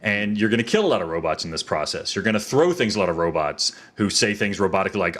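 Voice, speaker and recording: Male game reviewer, lowish voice, playful mock-trial delivery. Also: animated, fast talker, few pauses, a bit bright.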